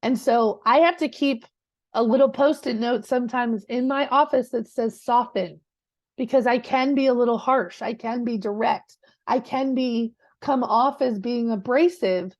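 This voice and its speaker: A woman's voice: fairly high pitch, a little slow, darkish tone, dry recording. A woman coaching a live class in a direct, conversational way, often checking in with her listeners. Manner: direct, conversational, with many rhetorical 'right?'s. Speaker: real estate coach. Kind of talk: live teaching session.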